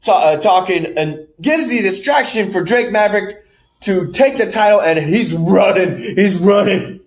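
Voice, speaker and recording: Man, high voice, casual podcast recap, rambling, laughs often. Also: lively intonation, measured pace. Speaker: podcast co-host. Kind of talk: casual wrestling recap chat.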